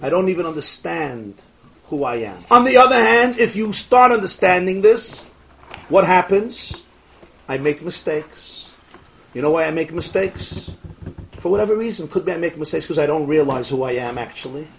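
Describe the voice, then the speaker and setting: A man tells a story from the pulpit, acting out the dialogue as he goes. His voice sits a little high, and faint noise hums underneath. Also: moderate pace, vocal fry. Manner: animated, laughing, quotes dialogue. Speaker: rabbi lecturing. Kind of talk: storytelling sermon.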